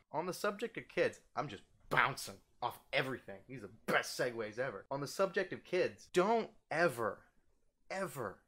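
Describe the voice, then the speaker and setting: A young man ranting casually, animated and profane, his voice jumping up when heated. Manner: animated, swearing, heated, with sudden pitch jumps. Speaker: vlogger ranting.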